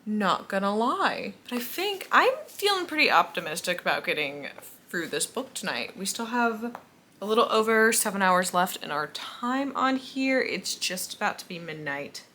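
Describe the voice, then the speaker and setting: A woman's voice: mid-range voice, sing-song, moderate pace, sharp tone, slight background noise. A tired young woman chatting casually at home late at night, yawning and poking fun at herself as she talks about a book. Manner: chatty, self-mocking, yawning. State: sleepy, tired. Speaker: book vlogger. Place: at home indoors.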